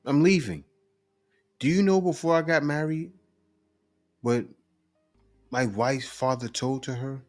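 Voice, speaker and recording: A man hosting a reaction commentary, pausing clips to lecture emphatically about relationships. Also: mid-range voice, faint music behind.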